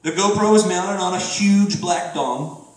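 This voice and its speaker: Stand-up comic, middle-aged man, high voice, crude bits with shrill impressions, echoey club recorded from afar. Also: measured pace, far from the mic. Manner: crude, jumps into shouted high-pitched impressions. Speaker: stand-up comedian. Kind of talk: stand-up comedy set. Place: comedy club stage. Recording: very echoey room from afar, faint noise.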